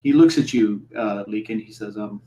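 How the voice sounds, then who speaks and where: A man narrating as game master of a tabletop game, halting with many fillers and restarts. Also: fairly low pitch, mellow, lo-fi sound, a little hiss or hum.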